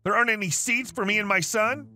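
A man's voice: high voice, quick pace, pushed and bright. A male synthetic-sounding voice reading the lines of a rude, entitled middle-aged woman on a bus, with almost no change from the narration.

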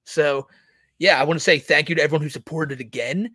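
A man with a fairly high voice, recorded dry and close with no room sound. He rambles through casual stream banter, swears freely and keeps restarting his sentences. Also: fairly quick, sharp tone, slightly rough, dry recording. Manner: rambling, profane, restarts a lot. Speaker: co-host of a parody stream show.

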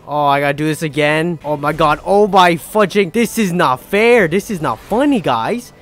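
A man playing a hard video game, narrating with exasperated frustration, muttering and then shouting. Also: a little high, animated, moderate pace, soft background music. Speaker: gaming YouTuber. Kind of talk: let's play commentary.

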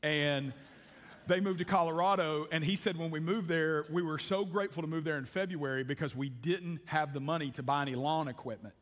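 Male pastor, sermon delivery, slightly high voice, echoing sanctuary. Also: brisk, fairly bright tone. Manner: folksy, emphatic preaching with frequent restarts. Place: church sanctuary. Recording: long reverb of a church hall.

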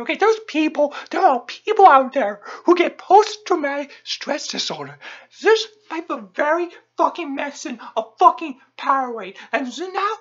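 High, swooping, stammering ranter woman. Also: very animated, moderate pace. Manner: angry, stammering, keeps repeating "okay?". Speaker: channel host. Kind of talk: profane comedic rant. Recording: dull lo-fi recording.

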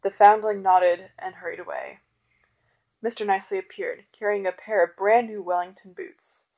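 A woman's voice: medium pitch, steady tone, moderate pace, darkish tone, muffled recording. Woman narrating a chapter aloud. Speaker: reader. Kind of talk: audiobook narration.

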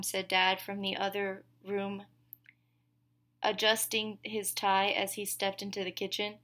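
Woman reading a story out loud, pretty flat and even, only small shifts for the other characters. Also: mid-range voice. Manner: reads dialogue with small shifts for each character, no big voices. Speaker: audiobook reader. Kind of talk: scripted first-person narration.

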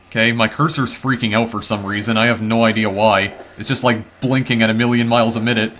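A man talks through a video game at his computer, in a voice of medium pitch. He stammers and repeats words whenever something on screen confuses him. A faint hiss of room noise sits under his voice. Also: level tone, a little fast, few pauses, a bit bright. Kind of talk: let's-play commentary.

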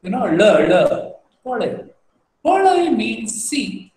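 A man's voice: sits high, big pitch swings, takes it slowly, a little mellow. A man giving a language lesson, patiently repeating each word and spelling it out. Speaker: language teacher. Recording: roomy echo, faint background hum.

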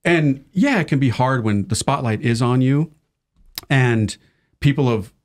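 Male priest guest, mid-pitch voice, easygoing self-deprecating storyteller. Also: lively intonation, measured pace. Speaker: Catholic priest. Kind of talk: casual conversation.

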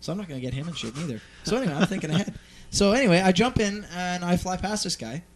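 A man's voice: sits high, quick pace, a little hiss or hum. A man hosting a show, telling a long story in casual chat, rambling, swearing freely and using plenty of fillers. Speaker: host.

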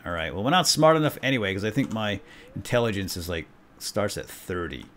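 A man commenting on a prison video game as he plays, excitable and jokey, reading game text aloud. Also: fairly low pitch, a little fast. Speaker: let's play host. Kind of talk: gameplay commentary.

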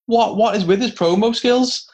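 A man's voice: high-pitched, moderate pace, a little mellow. A man co-hosting a casual wrestling review podcast, ranting and swearing, often breaking into laughter. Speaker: podcast co-host.

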